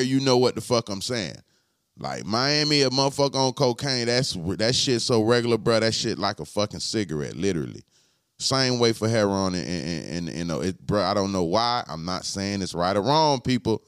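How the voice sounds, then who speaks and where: A man hosting a podcast, talking to his live chat in a slangy, profane way and repeating his points slowly. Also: mid-range voice, a bit bright, clean tone, no room sound, clean studio sound. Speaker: podcast host. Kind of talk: casual live-stream chat.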